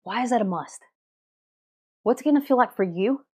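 Energetic woman coaching her listeners. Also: fairly high pitch, normal speed, slightly rough. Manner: energetic, coaching, asks many direct questions. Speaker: podcast host and coach. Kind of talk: motivational episode, addressing listener. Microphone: podcast mic, also filmed.

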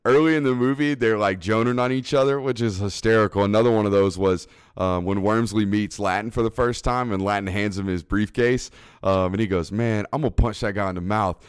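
Deep-voiced casual podcast host. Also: male voice, fairly even intonation, brisk, few pauses, clean tone, no room sound, studio quality. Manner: laid-back, filler-heavy, laughs often. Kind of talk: casual chat.

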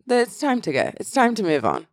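A woman's voice: mid-range voice, wildly swooping pitch, fairly quick, dry recording. A young English woman co-hosting a podcast, chatting casually with playful, dry asides. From England. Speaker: podcast co-host. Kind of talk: casual chat.

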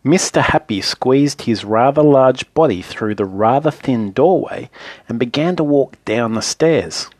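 A man reading a children's story aloud in a playful, lively, repetitive way. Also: mid-range voice, no echo.

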